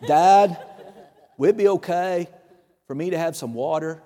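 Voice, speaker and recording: A small boy politely asks his father for permission, put on by a preacher. The voice sits fairly high and carries a long reverb from a large hall. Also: unhurried, dark tone, close to an everyday voice. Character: young boy politely asking his dad.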